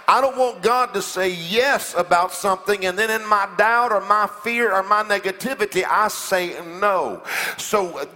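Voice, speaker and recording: A male pastor preaching a fiery sermon, leading the congregation in call and response and building to shouts. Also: high voice, moderate pace, big-room sound. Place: church sanctuary.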